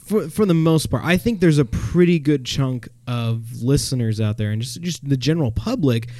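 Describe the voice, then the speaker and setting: A man's voice: medium pitch, lively intonation, normal speed, darkish tone, dry recording, clean studio sound. A young man co-hosting a podcast, talking in a thoughtful, hesitant way with frequent restarts. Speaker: podcast co-host. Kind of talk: casual chat.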